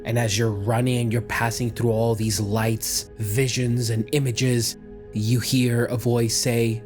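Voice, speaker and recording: A man's voice: mid-range voice, level tone, a little slow, darkish tone, soft background music. A man narrating a tabletop game as game master, painting scenes in vivid detail.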